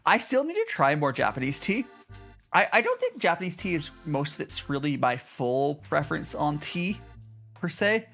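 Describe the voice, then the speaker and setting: A man's voice: a little high, sing-song, moderate pace, vocal fry, a bit bright, soft background music. A man streaming casually from home in Japan, chatting with viewers and answering their messages, with frequent restarts. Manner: chatty, reads and answers chat, many restarts. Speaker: VTuber streamer. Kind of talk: casual live-stream chat.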